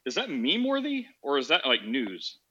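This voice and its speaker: Bright-toned man on a dull lo-fi line. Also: medium pitch, wildly swooping pitch. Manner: joking, quick questions. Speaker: podcast host. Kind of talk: casual online chat.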